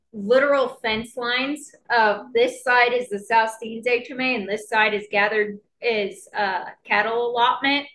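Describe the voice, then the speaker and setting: A woman guest on a podcast, speaking emphatically and quickly agreeing in casual chat. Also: a little high, sharp tone, a little hiss or hum, low-quality recording. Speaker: podcast guest, horse person.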